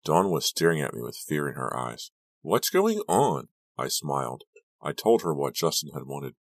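A man reading a teen horror audiobook aloud, narrating in the first person with a steady, measured pace. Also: very deep voice, no echo. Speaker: audiobook reader.

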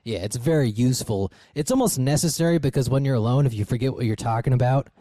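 A man's voice: medium pitch, fast, dark tone, dry recording. A man co-hosting a casual chat, cracking jokes and rambling in loose asides. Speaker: podcast co-host.

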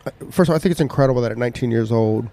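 A man's voice: mid-range voice, rapid-fire, vocal fry, warm tone. A man interviewing a guest, earnest, repeating words as he searches for what to say. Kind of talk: interview conversation.

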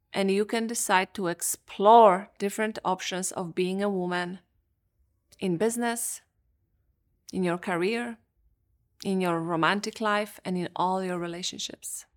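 A woman hosting a podcast, giving an earnest, emphatic motivational talk as a coach and acting out her clients' words. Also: mid-range voice.

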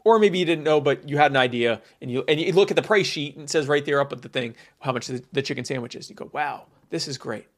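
A man's voice: on the high side, fast, few pauses. Sarcastic man with a raised voice. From United States. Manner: sarcastic, emphatic, full of fillers. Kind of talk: opinionated monologue.

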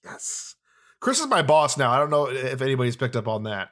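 A man's voice: medium pitch, lively intonation, normal speed, fairly bright tone. A young man co-hosts a casual podcast in an ordinary mid-range voice. He talks with eager enthusiasm and laughs easily. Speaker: podcast co-host and writer.

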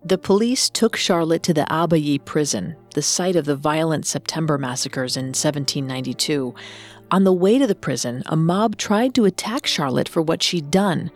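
Low-voiced woman narrating true crime. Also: lively intonation, normal speed, faint music behind. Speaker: podcast co-host narrator.

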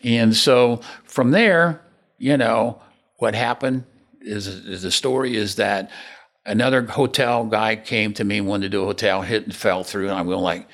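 A man's voice: lowish voice, moderate pace, a bit bright. An older man, a developer and podcast guest, telling rambling stories of his career and acting out old conversations. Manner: rambling anecdotes, acts out dialogue. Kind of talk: casual storytelling interview.

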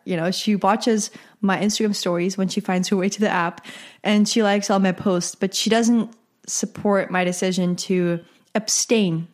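A teenage girl hosting her own podcast, talking casually in a chatty, rambling way with asides and self-corrections. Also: mid-range voice. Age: teens. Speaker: podcast host. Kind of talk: casual solo podcast chat.

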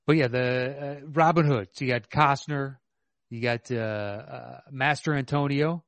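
A man co-hosting a podcast, talking about movies in a measured, hesitant way with many fillers. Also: mid-range voice, creaky, no room sound. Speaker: podcast co-host. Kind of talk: casual movie chat.

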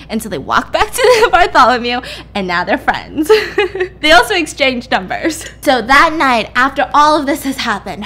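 A woman's voice: fairly high pitch, a bit bright, slight background noise. A woman casually retelling a story, rambling and chatty, acting out the characters' lines with swearing. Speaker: podcast host.

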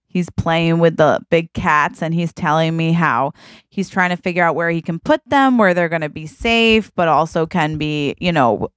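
Slow-talking laughing woman podcast host. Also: sits low, clear, resonant tone, dry recording. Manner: laughing storyteller, acting out quotes. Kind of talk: casual chat.

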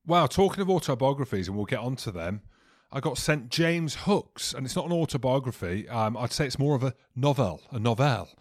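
A man's voice: medium pitch, lively intonation, brisk, few pauses, no echo. Man rambling jokily, dry close sound. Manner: rambling, jokey storytelling. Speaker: podcast co-host. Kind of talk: casual chat.

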